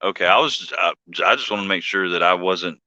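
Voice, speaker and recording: A man's voice: low voice, brisk, pushed and bright, no room sound, highs cut off. A man co-hosting a livestream, chatting casually, rambling and joking and greeting viewers by name. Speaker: livestream co-host.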